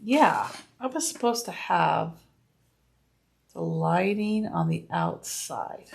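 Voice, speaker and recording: A woman giving a casual sewing demonstration, gushing and excitable and talking to herself as she works in a home sewing room, sometimes drifting away from the mic. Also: fairly low pitch, slow, gravelly, slight background noise. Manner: gushing and excitable, talks to herself while working.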